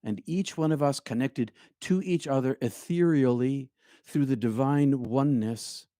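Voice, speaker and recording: A middle-aged man giving a reflective spiritual talk as host, often dropping into quiet, hushed phrases. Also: medium pitch, no echo, clean studio sound. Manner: slow, reflective, drops to near-hushed phrases. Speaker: spiritual speaker and show host.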